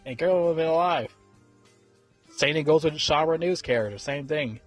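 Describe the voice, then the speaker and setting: A man's voice: on the high side, normal speed, soft background music. A man giving a casual film review, rambling and swearing freely, with many fillers and restarts. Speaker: movie reviewer.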